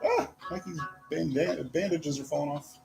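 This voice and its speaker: A man's voice: fairly high pitch, moderate pace, vocal fry, music in the background, low-quality recording. A man reviewing toy figures in a rambling, casual way, often breaking off to talk to himself as he poses them. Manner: rambling, self-interrupting, talks to himself while posing figures. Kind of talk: casual chat.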